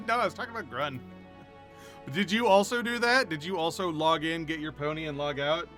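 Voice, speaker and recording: Chatty, bright-voiced male game streamer. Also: a little high, moderate pace, faint music behind. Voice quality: chatty, self-amused, rambling. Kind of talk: casual gameplay commentary.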